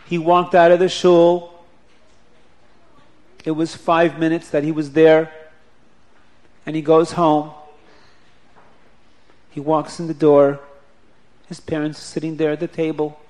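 A man telling a story aloud, animated and repeating phrases for emphasis. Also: on the high side, slow, long pauses. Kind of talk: oral storytelling.

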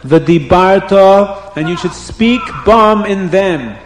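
A man's voice: sits high, lively intonation, takes it slowly, faint music behind, voice pushed up. A man doing a proud bearded Jewish man. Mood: confident. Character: boastful Jewish man, bearded, cheerful, sure of himself. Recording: roomy echo.

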